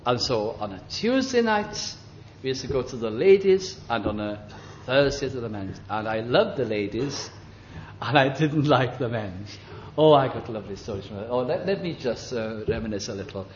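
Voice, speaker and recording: An older man preaching and reminiscing gently, halting often as he recalls details, in a dull lo-fi recording. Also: mid-range voice, lively intonation, slight background noise. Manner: gentle, halting, with many fillers and restarts. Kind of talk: reminiscing sermon.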